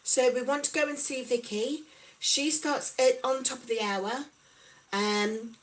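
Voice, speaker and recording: A woman's voice: sits high, steady tone, a little slow, rough recording. A middle-aged woman from the UK, chatting casually on a livestream and reading out viewers' comments. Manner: chatty, reads out viewer comments and replies warmly. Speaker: livestream host.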